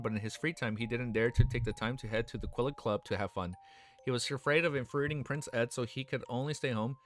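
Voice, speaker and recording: A young man on a live stream, reading a novel aloud and often breaking off to react with excitement. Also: medium pitch, slight background noise. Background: faint background music.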